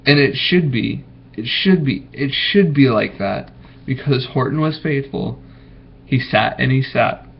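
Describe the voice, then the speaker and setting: A man reading a storybook aloud to his children, gentle and stopping to ask them questions. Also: mid-range voice, lively intonation, measured pace, gravelly, breathy edge. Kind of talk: bedtime story read aloud. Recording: dull lo-fi recording.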